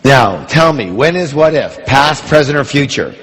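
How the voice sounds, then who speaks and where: A man's voice: mid-range voice, expressive, normal speed, fairly bright tone. A man giving a motivational seminar talk in a large hall, driving the audience with call-and-response questions. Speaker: motivational speaker.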